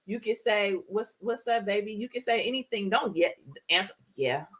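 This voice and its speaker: A woman co-hosting a casual chat, telling stories in a lively way and acting out the quotes. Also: mid-range voice, moderate pace. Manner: animated storyteller, acts out quotes loudly. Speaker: podcast co-host.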